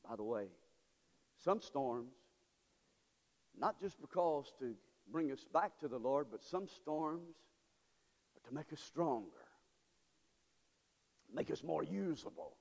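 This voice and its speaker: A male pastor preaching a sermon with call-and-response, swinging between shouts and low murmurs. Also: animated, a little slow, long pauses. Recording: long reverb of a large hall.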